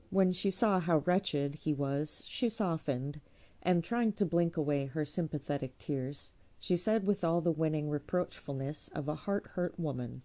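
A woman narrating a classic novel in a measured, expressive reading voice. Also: low voice. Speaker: audiobook reader.

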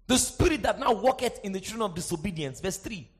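A male preacher with a high voice delivers a lively sermon. He surges into shouted, sing-song refrains and then drops to hushed, confiding asides, checking in with the congregation again and again. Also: fast talker, husky. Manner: asks the congregation for response, sing-song emphasis.

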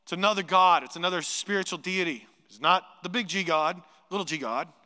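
High, bright-voiced male pastor preaching in a hall. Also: a little fast, clean tone. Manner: animated preaching, voicing imagined speakers, drops to hushed asides. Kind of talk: sermon. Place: church sanctuary.

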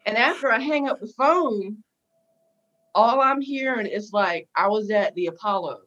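A woman's voice: medium pitch, a little slow, fairly bright tone. A woman guest on a podcast, speaking frankly and emphatically in a casual chat, often repeating herself. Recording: dull lo-fi sound.

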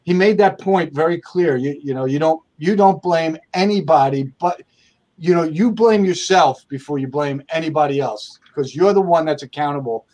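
A man with a somewhat high voice tells stories from his own career as an interview guest. He speaks conversationally, restarting sentences often and acting out what other people said. He is from the United States. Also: moderate pace, darkish tone. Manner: conversational, many restarts, acts out quoted dialogue. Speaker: accountant and firm owner, guest. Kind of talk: storytelling interview answers.

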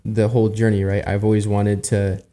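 Guy in his 20s, deep-ish mellow voice, earnest church chat, rambles and keeps saying right. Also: completely flat delivery, normal speed. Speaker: church worship musician on panel. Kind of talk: casual church discussion.

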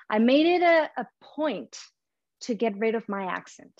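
A woman whose first language is not English, preaching a heartfelt sermon with pauses and restarts. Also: a little high, lively intonation, a little mellow, no room sound, lo-fi sound.

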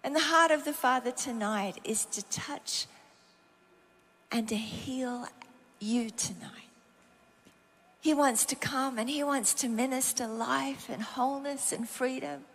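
A middle-aged woman with an Australian accent delivers a sermon in a bright, high voice. She tells stories from her own life in an animated way, acting out prayers and dialogue as she goes. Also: measured pace, a little hiss or hum. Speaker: preacher. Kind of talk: sermon with personal storytelling.

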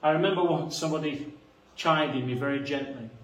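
A man preaching a sermon, earnest, moving between quiet reflective passages and rising emphasis. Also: on the high side, fairly quick. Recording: echoey room, voice a bit far from the mic.

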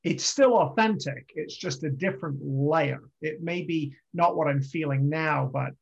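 Man in a podcast chat, gravelly and a bit husky, earnest and explanatory, slightly high voice. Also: a little slow. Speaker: acrobatic performer. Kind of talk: reflective conversation. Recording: dull lo-fi sound.

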